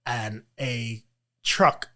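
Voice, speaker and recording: A man, a teacher, telling a personal story in an interview, earnest and halting, with frequent restarts. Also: medium pitch, steady tone, pushed and bright. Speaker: teacher and guest.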